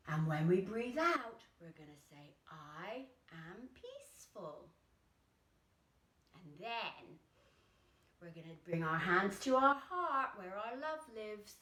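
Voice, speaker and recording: A woman leading a children's yoga storytime, narrating in an animated, sing-song way and dropping to soft near-whispers for breathing cues. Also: mid-range voice, echoey room.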